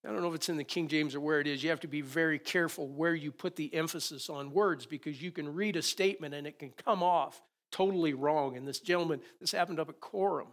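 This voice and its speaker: A man preaching a sermon into a microphone as the pastor, in a conversational, joking way that swings between loud emphasis and quiet asides. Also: a little high, fast talker, few pauses.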